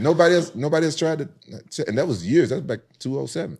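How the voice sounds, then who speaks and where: A man's voice: a little high, lively intonation, fast, gravelly, a little mellow, husky. A man from Memphis, telling stories casually and profanely on a podcast, acting out the other people's voices. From Memphis, United States. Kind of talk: casual storytelling.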